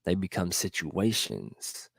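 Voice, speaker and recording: A man's voice: deep voice, sing-song, takes it slowly, creaky, a bit bright, breathy edge, no room sound, clean studio sound. A middle-aged man hosting a motivational live talk, earnestly urging his viewers and repeating his points. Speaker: motivational livestream host.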